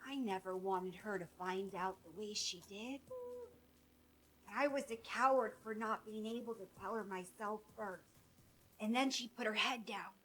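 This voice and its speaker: A chatty middle-aged gossip, put on by a woman tells her tale breathlessly and melodramatically. Her pitch stays in a middling range. It is played as a comedy sketch monologue. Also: steady tone, unhurried, fairly bright tone, poor audio. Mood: dramatic.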